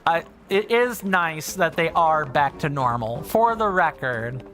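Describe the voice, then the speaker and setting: A man's voice: a little high, animated, measured pace, pushed and bright, faint music behind. A man chatting casually and rambling while livestreaming a video game, thinking aloud and restarting sentences. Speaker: streamer. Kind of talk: casual livestream chat over gameplay.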